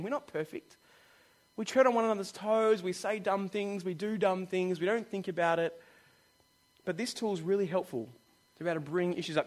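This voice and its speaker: Pastor, male, middle-aged, high voice, playful, sermon delivery that acts out dialogue. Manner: lively, joking, acts out dialogue.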